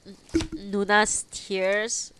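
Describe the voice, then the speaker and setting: Here a teary young woman, fresh from crying, fills the gaps between book readings with giggly, chatty talk aimed at her live viewers and their messages. Her medium-pitched voice is lively in intonation, a bit bright, and she draws her words out. Faint hiss or hum is audible.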